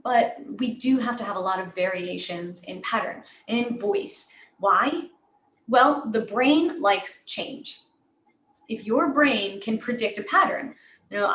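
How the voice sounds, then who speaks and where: A woman, a program director, teaching a live class on presentation skills in an energetic coaching manner and demonstrating examples with shifts in her voice. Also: fairly high pitch, echoey room. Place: room in New York.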